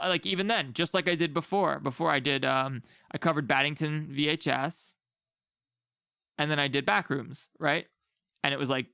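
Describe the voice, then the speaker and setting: A man's voice: mid-range voice, vocal fry, bright, forceful tone, smooth, no room sound, studio quality. A man chatting casually on a livestream, rambling and easygoing with lots of fillers. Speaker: streamer.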